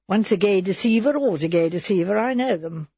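A woman's voice: medium pitch, lively intonation, a little fast, mellow, slightly rough, no echo, muffled recording. A woman voicing a weather-beaten, hearty spinster who speaks bluntly and knowingly.

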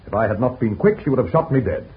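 Man doing a bubbly young corsican son, bouncy pitch, tinny old radio. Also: animated, quick pace, close to an everyday voice. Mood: jovial. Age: young adult. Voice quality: eager, laughing manner. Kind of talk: 1940s radio acting.

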